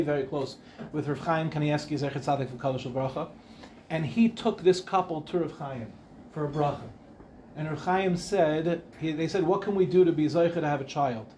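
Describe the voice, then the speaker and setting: Slight background noise accompanies a rabbi's informal Torah class in Ramat Beit Shemesh. He speaks in a voice on the high side and a little mellow, chatting and rambling as he keeps stopping to ask the audience questions.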